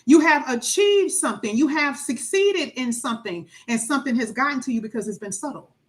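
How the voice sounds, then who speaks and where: A high-voiced woman reads tarot for her viewers in an animated, emphatic way. She repeats her points for effect and slips into little acted-out voices of the people she talks about. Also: brisk. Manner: animated, acts out quoted voices, emphatic repetition. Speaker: tarot reader. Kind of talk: tarot reading monologue.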